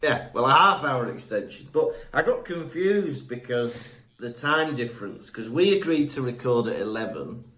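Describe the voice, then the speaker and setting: A man's voice: medium pitch, sing-song, moderate pace, hardly any pauses, a bit bright, echoey room. A man co-hosting a podcast in casual chat, wry and teasing. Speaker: podcast co-host.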